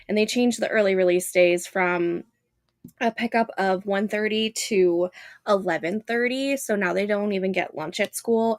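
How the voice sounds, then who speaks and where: A woman's voice: medium pitch, dry recording. A woman in her thirties hosting a casual writing livestream from home, chatting with viewers and greeting them by name.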